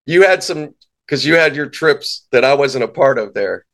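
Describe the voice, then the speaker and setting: A man co-hosting a podcast in casual chat, laid-back, who often laughs and chimes in with quick agreement. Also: mid-range voice, expressive, a bit bright. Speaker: podcast co-host.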